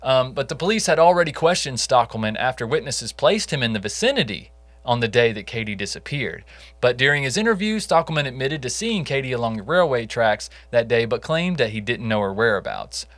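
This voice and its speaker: A man's voice: medium pitch, animated, a little fast, a bit bright, no room sound. A man co-hosting a casual true crime podcast, telling the case in a conversational way with jokey asides. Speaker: podcast co-host.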